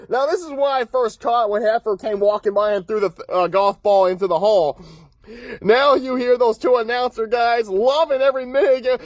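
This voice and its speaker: A man with a high, light voice recaps a cartoon episode in a relaxed, rambling way, laughing quietly between points. His voice sounds dry and close, with no room echo around it. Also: normal speed. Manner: chuckles often while recapping, upbeat and rambling; frequent filler "uh" and restarts.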